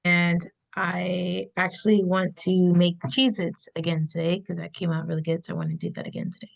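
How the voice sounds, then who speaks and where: A woman sharing her plans with a group in a plain, unhurried, slightly hesitant way. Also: lowish voice, flat delivery, gravelly. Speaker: group member.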